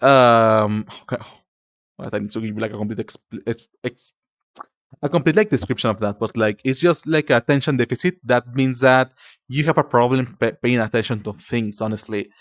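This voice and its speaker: A man's voice: mid-range voice, no echo, clean studio sound. A young man with a Spanish accent, streaming live and chatting to viewers in a casual way, stumbling over his words and calling people cutie and darling. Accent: Spanish-speaking. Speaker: livestreamer.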